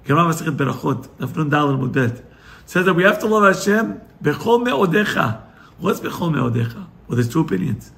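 A man, a rabbi, giving a Torah lesson, telling the story with animated, acted-out quotes. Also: fairly high pitch, fairly quick, vocal fry. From United States. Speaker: rabbi teaching weekly Torah portion.

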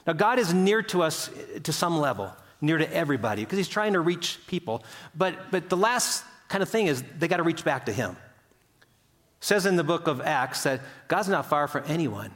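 An older man preaching a sermon, earnest and conversational, acting out quoted voices as he tells stories. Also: a bit bright. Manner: earnest, storytelling, acts out quotes with pitch swings. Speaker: pastor.

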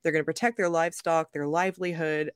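Animated woman podcast host, dry close mic. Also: sits low, quick pace, clean tone, dry recording. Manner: animated, jokey, laughs often. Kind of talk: casual storytelling chat.

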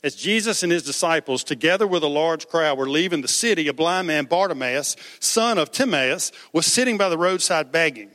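A man's voice: a little high, expressive, a little fast, hardly any pauses, fairly bright tone, big-room sound. A man preaching a sermon as pastor, conversational, raising his voice for quoted cries.

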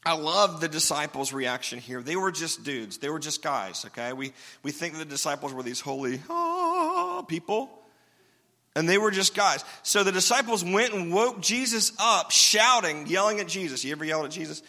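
A man's voice: a little high, big pitch swings, moderate pace, sharp tone. A man preaching a sermon as pastor, talking conversationally and checking in with the congregation. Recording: long reverb of a large hall.

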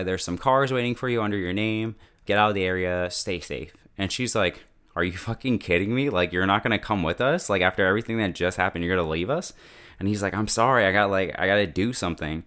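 A man casually recapping and reviewing a TV episode, jumping into quick acted-out character voices with laughs. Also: fairly low pitch, clear, resonant tone. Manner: animated, acts out characters in quick bursts. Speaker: podcast host recapping a TV episode.

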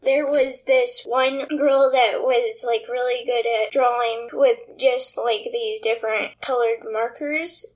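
Slow-talking woman with a higher voice. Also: steady tone. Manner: slow, hesitant, many fillers. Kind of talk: casual chat.

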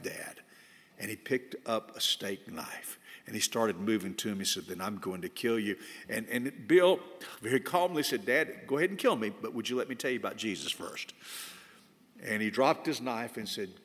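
A man delivering a sermon as pastor, swinging between loud emphatic passages and quiet, low storytelling. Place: church sanctuary. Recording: long church hall reverb.

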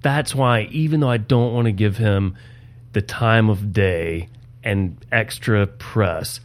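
Wry low-voiced male podcast co-host. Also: slow pace. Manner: wry, sarcastic asides. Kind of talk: political commentary podcast. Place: podcast studio.

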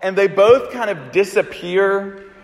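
Alabama guy preaching, chatty storytelling, kinda high voice, big echoey hall. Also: a little slow. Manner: conversational storytelling, animated and chatty. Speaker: pastor. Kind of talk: sermon with a personal story.

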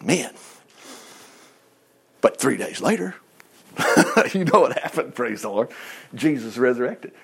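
A man's voice: mid-range voice, slow pace, creaky, long pauses, slightly rough. A male preacher giving a conversational sermon to a congregation in a room, acting out the voices he quotes. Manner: animated, acts out quoted voices.

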